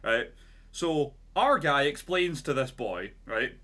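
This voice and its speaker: A male podcast co-host telling a long story in loose, casual chat. His voice is bright and forceful, in a middle pitch range. He rambles and leans on fillers like "like" and "right?". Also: expressive, slow pace.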